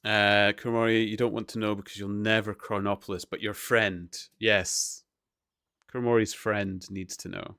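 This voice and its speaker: A man's voice: lowish voice, flat delivery, moderate pace, sharp tone, clean tone, dry recording, studio quality. A man chatting casually on a live stream, playful and rambling as he talks with viewers.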